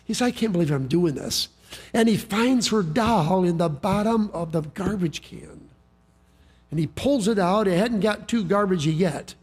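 A man's voice: sits high, animated, moderate pace, darkish tone, breathy edge. A man preaching a sermon, telling a story in a folksy way with frequent restarts and repeated words. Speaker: pastor.

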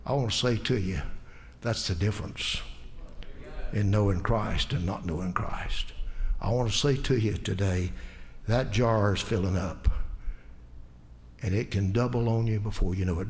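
A pastor from the United States preaching in church, with impassioned appeals that rise loud and high and then drop to hushed, low asides. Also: male voice, moderate pace, long pauses. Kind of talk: sermon.

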